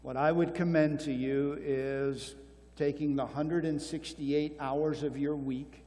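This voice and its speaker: Older guy answering marriage q&a, earnest and urging, mellow voice, big reverby church. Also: a little high. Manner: earnest and exhortative, repeats key phrases. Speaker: conference speaker. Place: church hall. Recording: long reverb of a church hall.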